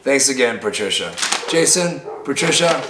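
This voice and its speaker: A man opening fan mail in a casual vlog, chatty and prone to loud excited outbursts. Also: mid-range voice, moderate pace. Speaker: bar owner and vlogger. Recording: echoey room, faint background noise.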